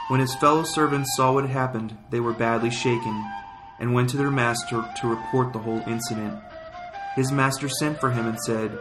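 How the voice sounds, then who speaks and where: A man reading scripture and prayers as a liturgical reader, in solemn, measured phrases. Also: medium pitch, steady tone. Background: flute music.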